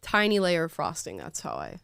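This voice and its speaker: A woman's voice: low voice, wildly swooping pitch, fairly quick, creaky, fairly bright tone, smooth, dry recording, clean studio sound. A woman hosting a livestream in casual chat, talking loosely with lots of "like". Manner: chatty, leans on "like" as filler. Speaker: livestream host.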